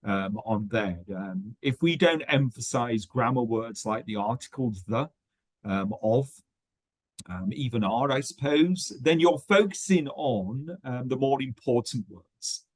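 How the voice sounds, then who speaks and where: A man leads a teacher-training webinar, explaining points with many ums and restarted phrases. His voice sits at a middle pitch, and the recording is dry and close with no room sound. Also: expressive, a little slow, dry recording.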